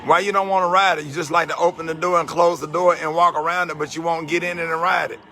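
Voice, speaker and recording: A middle-aged man filming a casual home video, teasing a child with quick-fire questions. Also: on the high side, fairly even intonation, sharp tone. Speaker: radio host filming at home with grandchildren. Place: home, indoors.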